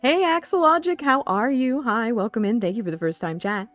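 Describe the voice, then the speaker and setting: Woman streamer, excitable and giggly, brightish voice, dry close mic, soft music underneath. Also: fairly high pitch, brisk. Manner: giggly and excitable, laughs often. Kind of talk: casual live-stream chat.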